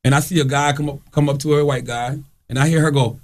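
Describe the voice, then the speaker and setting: A man co-hosting a podcast, telling stories in a loud, profane, animated way and acting out the people in them. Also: a little high, fast talker, no echo. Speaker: podcast co-host. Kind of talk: animated storytelling, casual chat.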